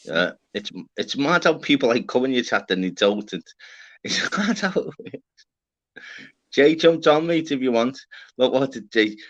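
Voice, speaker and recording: A young man with a Liverpool accent, hosting a casual livestream with loud, swearing banter. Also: mid-range voice, lively intonation, unhurried, muffled recording. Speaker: livestream host.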